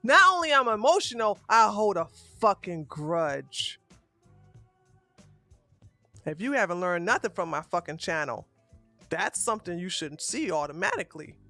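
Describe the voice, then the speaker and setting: A woman giving blunt, profane livestream commentary in a casual, animated way, close to the mic. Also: on the low side, moderate pace, long pauses, dry recording, soft background music. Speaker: commentary streamer.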